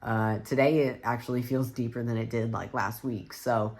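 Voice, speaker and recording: A young man vlogging a casual to-camera update, relaxed and chatty with plenty of fillers. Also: medium pitch, normal speed.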